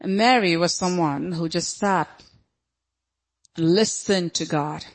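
A woman's voice: fairly low pitch, slow pace. Woman pastor preaching, dramatic and emphatic, acts out little scenes. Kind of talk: sermon.

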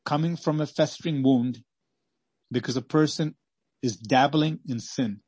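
A man preaching a sermon and reading scripture aloud, swinging between loud exclamations and hushed pleading. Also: mid-range voice, a little slow, breathy edge, no echo.

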